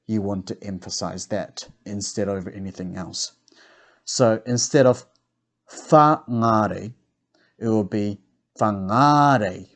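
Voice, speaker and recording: Slow, deliberate New male teacher. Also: lowish voice, warm tone. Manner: slow, deliberate, carefully enunciated drilling. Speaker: language teacher. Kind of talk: pronunciation lesson.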